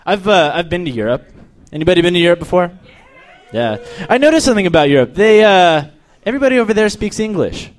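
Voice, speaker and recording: A young man from Texas works through a crude, deadpan stand-up set, with frequent restarts and stumbles. His voice sits a bit high and swings widely in pitch. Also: quick pace. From El Paso, Texas. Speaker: stand-up comedian. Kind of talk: stand-up set and casual interview.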